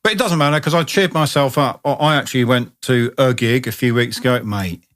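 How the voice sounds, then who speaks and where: A man's voice: medium pitch, a little fast, a bit bright. A man, co-hosting a podcast in casual chat and telling enthusiastic, sweary stories. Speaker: podcast co-host.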